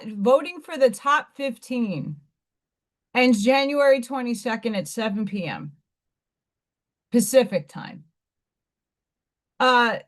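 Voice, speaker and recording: A woman's voice: high voice, fairly bright tone. A woman hosting a live stream, chatting casually in a rambling way with blunt asides. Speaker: livestream host.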